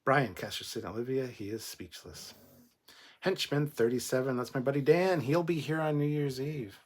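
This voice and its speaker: This livestream host has a medium-pitched voice and a moderate pace. He reads out viewer comments in a joking, chatty way, often rambling and starting over.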